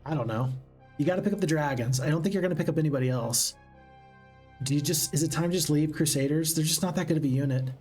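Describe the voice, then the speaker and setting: A man's voice: on the high side, quick pace, darkish tone, soft background music. A man giving casual commentary while playing a strategy game, thinking aloud and asking himself questions as he goes. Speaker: let's play gamer.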